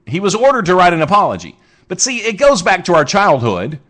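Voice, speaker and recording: A man's voice: high-pitched, huge pitch swings, brisk, fairly bright tone. A man hosting his own podcast, riffing sarcastically on odd news stories with rambling asides and restarts. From United States. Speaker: podcast host. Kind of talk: casual comedic news commentary.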